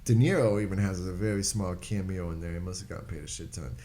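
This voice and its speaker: A man with a low, mellow voice trades crude jokes with friends on a podcast. His delivery is loose and casual, often drawn out for comic effect. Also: quick pace. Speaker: podcast co-host. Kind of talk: casual banter among friends.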